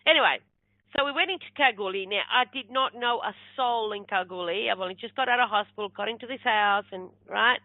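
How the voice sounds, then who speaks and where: A woman's voice: medium pitch, brisk, no echo. A middle-aged woman telling a personal story in a casual interview, chatty and rambling, acting out what people said. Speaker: guest, spiritual medium. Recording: tinny phone-like line, dry.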